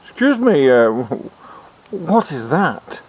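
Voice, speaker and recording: A man's voice: on the high side, big pitch swings, slow pace, darkish tone, slightly rough, voice pushed up, full character voice. A man voicing an impatient, imperious old queen in a comic spoken tale. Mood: puzzled. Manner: bossy, demanding.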